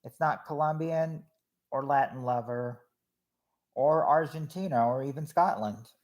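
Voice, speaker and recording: A man hosts a casual game night stream, ruling on guesses one after another. His voice sits in an ordinary middle pitch. He talks in a chatty, halting way, restarting words and letting lines trail off quietly. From Kentucky. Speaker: game host reading out guesses. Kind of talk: casual livestream game commentary.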